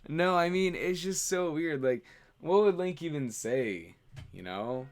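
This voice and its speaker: A man's voice: on the high side, expressive, unhurried. A man streaming, chatting casually and rambling as he answers viewer questions. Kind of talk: casual livestream chat.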